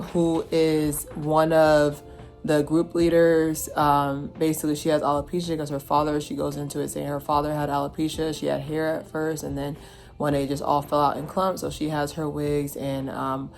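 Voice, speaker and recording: A woman with a notably low voice talks through her review in a loose, casual way, full of fillers and restarts. Faint music plays quietly behind her. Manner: rambling, filler-heavy, frequent restarts. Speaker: show reviewer.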